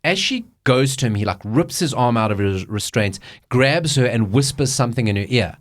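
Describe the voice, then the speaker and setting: Animated, swearing podcast co-host, a man. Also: mid-range voice, normal speed. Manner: animated storytelling, swears, acts out quotes. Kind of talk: casual chat.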